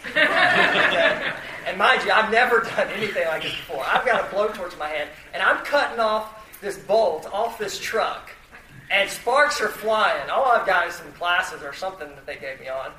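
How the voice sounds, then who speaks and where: A man's voice: high voice, animated, moderate pace, sharp tone. A man telling a self-deprecating personal story to an audience in a chatty way, full of fillers and restarts. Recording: echoey room, mic at a distance, faint noise.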